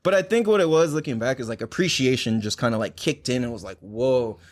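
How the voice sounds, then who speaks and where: A man's voice: mid-range voice, quick pace, dry recording, studio quality. A young man hosting a podcast, chatting casually and telling stories full of swearing and filler words. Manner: profane, animated storytelling with many "like"s. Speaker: podcast host. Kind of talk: casual chat.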